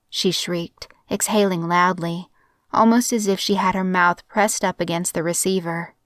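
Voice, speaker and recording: A young adult woman narrating a horror story in a measured, somber way as the show's regular narrator. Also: fairly low pitch, steady tone, no echo, studio quality.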